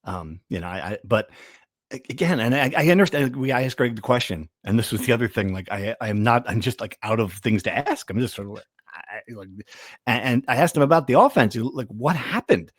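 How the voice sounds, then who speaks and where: A man's voice: medium pitch, animated, brisk, dry recording, clean studio sound. A man hosting a casual sports podcast, rambling and trailing off as he talks. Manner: rambling, self-deprecating, trails off. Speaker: podcast host.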